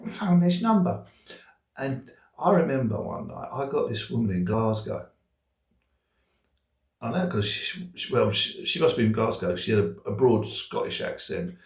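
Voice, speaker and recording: Middle-aged man, self-deprecating comic storyteller, hesitant and rambling, mic set far back. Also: fairly low pitch. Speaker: speaker. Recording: distant, echoey room.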